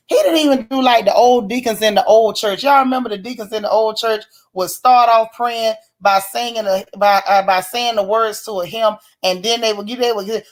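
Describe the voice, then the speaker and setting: A woman, recapping a TV episode in a sassy, animated way and chatting with her live viewers. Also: on the high side, moderate pace, few pauses. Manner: sassy, animated storytelling with mock quotes. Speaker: YouTube TV show reviewer. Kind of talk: casual live-stream recap talking to chat.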